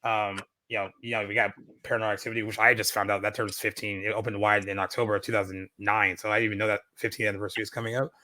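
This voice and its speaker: Man, podcast co-host, loose rambling film chat, fast bright voice, dry close sound. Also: fairly low pitch, flat delivery, no room sound. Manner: rambling, many fillers and restarts. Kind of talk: casual film review chat.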